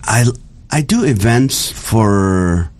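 A middle-aged man from the Middle East chatting casually, telling animated jokey stories with laughter. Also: on the low side, drawn-out words. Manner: animated storytelling with jokes and laughter. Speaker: guest comedian. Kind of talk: casual chat.

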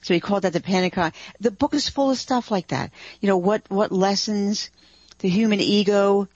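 A woman guest on a radio talk show, eager and animated, talking as a writer and researcher. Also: mid-range voice, moderate pace, husky, dry recording, muffled recording. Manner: eager, animated, laughs easily. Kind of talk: radio interview chat.

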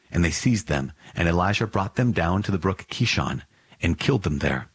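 A man reading scripture aloud in a measured, solemn narration. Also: low voice, lively intonation, breathy edge, no room sound. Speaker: scripture reader.

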